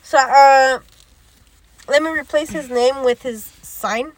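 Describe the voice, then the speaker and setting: A woman's voice: sits high, takes it slowly, no echo. A young woman, telling a story in casual chat, acting out quoted lines and swearing often. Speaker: podcast co-host.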